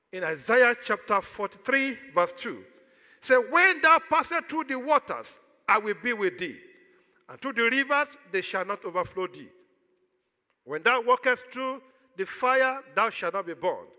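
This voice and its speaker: Animated Nigerian preacher in a reverberant hall. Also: male voice, high voice. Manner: preaching with call-and-response questions to the congregation. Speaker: pastor. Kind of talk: sermon.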